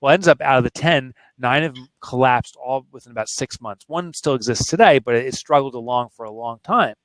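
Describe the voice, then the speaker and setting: A man's voice: medium pitch, brisk, no room sound. A man in his forties, an author being interviewed, telling a candid personal story in an earnest, emotional, plain-spoken way. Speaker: author and guest.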